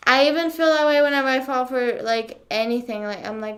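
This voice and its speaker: A woman's voice: sits high, little pitch movement, a little fast, hardly any pauses, a bit bright. A young woman livestreamer chatting casually with her viewers, sarcastic, full of fillers and swearing. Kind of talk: casual chat with live viewers.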